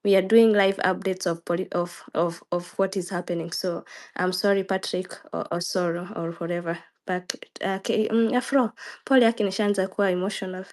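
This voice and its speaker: A woman's voice: on the low side, fairly even intonation, moderate pace, darkish tone. A Kenyan woman hosting a live online discussion, firm and emotional, slipping into Swahili. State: emotional, near tears. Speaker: host. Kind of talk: live audio space discussion.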